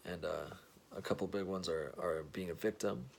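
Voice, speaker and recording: A man's voice: sits low, steady tone, moderate pace, creaky, a little hiss or hum. A man in his twenties giving blunt, profane straight talk, rambling with restarts as he speaks. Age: 20s. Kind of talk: casual straight-talk monologue.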